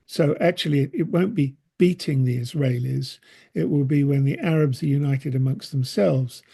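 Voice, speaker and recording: A man's voice: on the high side, gravelly, warm tone, breathy edge. A man in the audience joining a casual discussion, earnest and rambling, often restarting his sentences. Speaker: audience member.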